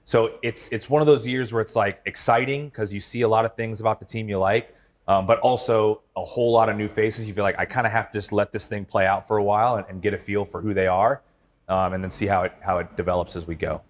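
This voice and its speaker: A middle-aged man, a baseball team manager, talking casually in an interview, relaxed and rambling with many fillers and restarts. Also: lowish voice, fast.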